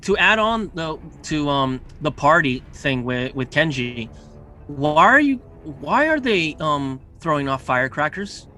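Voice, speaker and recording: A man's voice: fairly high pitch, big pitch swings, unhurried, sharp tone. A man hosting a casual podcast, easygoing and emphatic, with many filler words. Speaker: podcast host.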